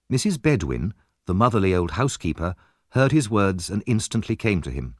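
A male narrator reads a classic story aloud at normal speed, expressive and lively. His fairly low voice moves widely up and down. The recording is dry, with no room sound or echo.

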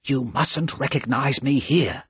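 A man's voice: a bit bright, breathy edge, no echo, clean studio sound, heavily acted. Man doing a frightened, furtive spy. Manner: low, hurried, frightened.

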